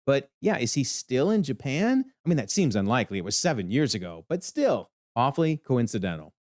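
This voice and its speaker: Male video commentator, mid pitch, very expressive delivery, dry close mic, for an episode breakdown. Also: fairly quick, no echo. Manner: animated, exclaiming.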